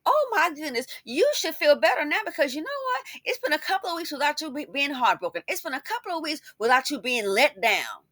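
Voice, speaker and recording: A woman's voice: sits high, very animated, a little fast, few pauses, a bit bright, no echo, studio quality. A woman giving sassy, scolding commentary in a casual style. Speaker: commentary host.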